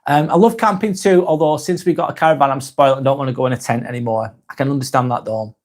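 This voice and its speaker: A man with a Lancashire accent, hosting a casual live vlog and reading viewers' comments aloud, then answering them in a softer, lower voice. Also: fast talker. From Darwen, near Blackburn, northern England. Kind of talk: casual live-stream chat.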